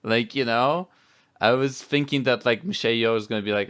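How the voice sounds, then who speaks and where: Smooth-voiced man rambling on a podcast. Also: mid-range voice, brisk, a bit bright, dry recording, clean studio sound. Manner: rambling, many fillers and laughs. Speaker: podcast co-host. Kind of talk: casual film review chat.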